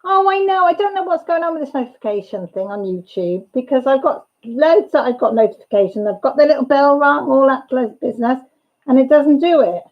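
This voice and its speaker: A woman hosting a casual chat livestream, excitable, laughing and greeting viewers by name. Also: high-pitched, brisk. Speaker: livestream host. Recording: dull lo-fi livestream sound.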